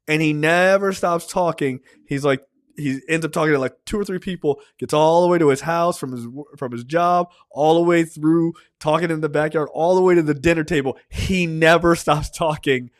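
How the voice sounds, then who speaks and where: A man's voice: a little high, no echo, studio quality. A man reviewing a film on a podcast in a loose, rambling, profane way, full of ums and likes. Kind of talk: casual conversational film review.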